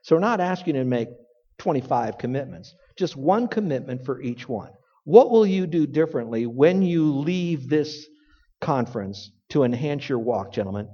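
A man's voice: medium pitch, animated, moderate pace, dark tone, husky. Folksy male preacher in a reverberant hall. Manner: folksy storytelling, rising to emphatic exclamations. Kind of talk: sermon. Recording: dull lo-fi recording with long hall reverb.

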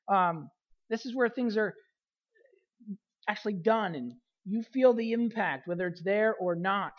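A woman pastor preaches a sermon, repeating key phrases for emphasis and letting her voice drop softly at the ends of phrases. Her voice is medium-pitched, and the sound is lo-fi.

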